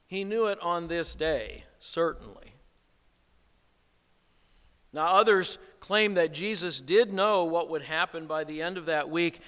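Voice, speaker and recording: Male pastor, sermon delivery, unhurried and emphatic, bright tone, big hall echo. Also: high voice. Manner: rhetorical questions, emphatic preaching.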